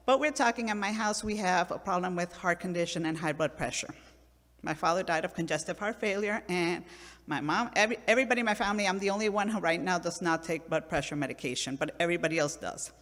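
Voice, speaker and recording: A woman's voice: mid-range voice, fairly quick, a bit bright. Woman in her fifties, from puerto rico, church testimony, chatty storytelling, long church-hall reverb. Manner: conversational, acts out quoted voices. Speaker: church member giving a testimony. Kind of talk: personal testimony talk. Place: church sanctuary.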